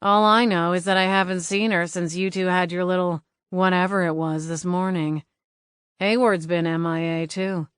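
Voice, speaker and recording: A woman's voice: fairly low pitch, fairly even intonation, normal speed, smooth, no room sound, natural voice. A woman narrating an audiobook, voicing a sardonic male ghost cat with dry, teasing quips. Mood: wry.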